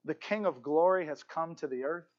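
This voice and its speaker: High-voiced impassioned male pastor preaching. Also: normal speed, highs cut off. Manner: impassioned storytelling, swings from hushed to shouting. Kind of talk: sermon.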